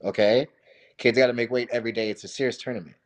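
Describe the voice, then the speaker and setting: A man, a wrestling coach, spins stories as a podcast guest. His pitch sits mid-range, and he talks loosely and profanely, peppering his lines with "bro". He tells them with lively, animated energy. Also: fast talker. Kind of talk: casual storytelling.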